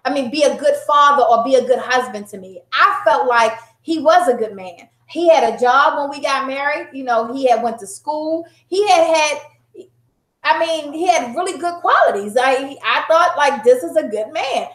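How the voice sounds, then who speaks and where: A woman in her thirties candidly telling a personal story to an audience, animated and conversational, often laughing. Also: high-pitched, moderate pace. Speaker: guest sharing a personal story. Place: room before a live audience. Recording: roomy, echoey room.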